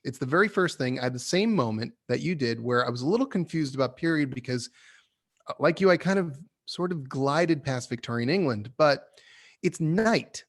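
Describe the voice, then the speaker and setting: Male podcast host, mid-pitched, opinionated script critic, chatty and laughing. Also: fairly quick. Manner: animated, opinionated, laughs often. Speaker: podcast host reviewing a screenplay. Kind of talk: casual critique chat.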